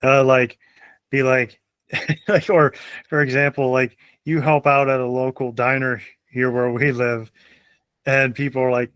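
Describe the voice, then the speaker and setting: A man's voice: mid-range voice, level tone, unhurried, a bit bright, clear, resonant tone, no room sound. Young man, laughing storyteller, dry sound. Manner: laughs often while telling stories. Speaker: podcast host. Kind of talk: casual chat.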